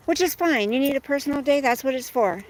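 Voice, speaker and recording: A woman talks fast in a high-pitched voice with lively intonation, venting about her job during a casual chat as she walks her dog outdoors on a street. She pauses now and then to urge the dog along, and the recording is rough.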